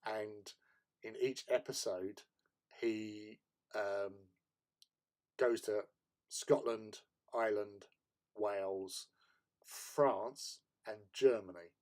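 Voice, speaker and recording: A man's voice: lowish voice, steady tone, extremely slow, pauses often, a little mellow. A man, hosting a hobby stream and telling long anecdotes in a casual chat, often breaking into laughter. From England. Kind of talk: casual chat while painting miniatures.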